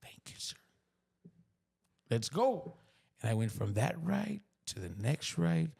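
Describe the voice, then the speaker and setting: A man with a South Texas accent telling an emotional personal story on a podcast, raw and profane, dropping to hushed whispers and then bursting out loud. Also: fairly high pitch, very animated, a little slow, creaky, slightly rough. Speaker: podcast guest.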